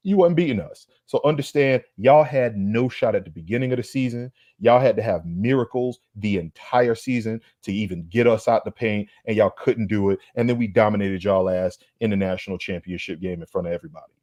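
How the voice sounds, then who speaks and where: A man's voice: on the low side, fairly quick, few pauses, a little mellow, no room sound. A man co-hosting a sports podcast, trash-talking rivals in a brash, emphatic way. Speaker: podcast co-host. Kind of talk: heated sports banter.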